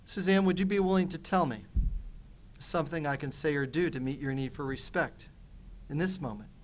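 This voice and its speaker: A man's voice: a little high, fairly quick. A middle-aged man teaching nonviolent communication, telling a personal story on a panel and acting out both sides of a conversation. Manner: animated, acts out dialogue.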